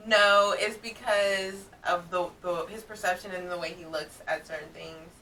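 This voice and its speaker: A bright-voiced woman co-host in a casual reaction chat, talking in long animated explanations and laughing often. Her voice sits a little low and sounds a step back from the mic, with a faint rumble underneath. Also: moderate pace, recorded from a distance, rough recording.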